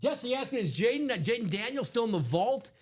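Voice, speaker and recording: A man hosting a live card break stream, upbeat and jokey, reading out names and spots quickly. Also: very high voice, big pitch swings.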